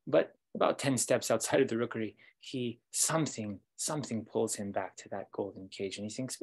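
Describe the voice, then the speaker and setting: A man telling a fairytale as a storytelling guide, slow with dramatic pauses, over a video call. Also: fairly low pitch, darkish tone, husky.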